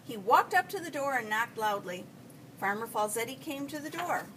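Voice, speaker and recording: A female teacher reads a children's picture book aloud at a moderate pace, her high, lively voice swooping up and down as she tells the story expressively. The low-quality recording comes from a mic placed well away from her, with a faint hiss underneath.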